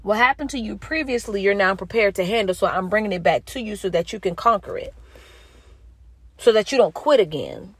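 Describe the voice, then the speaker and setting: Woman, 30s, mid-pitch, dry close sound; earnest, expressive testimony for her viewers. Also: a little fast, husky, no echo. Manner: earnest, preachy, talks straight to the audience; expressive, jumps into high pitch when quoting herself. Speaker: mother sharing a spiritual message. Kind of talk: casual spoken testimony to viewers.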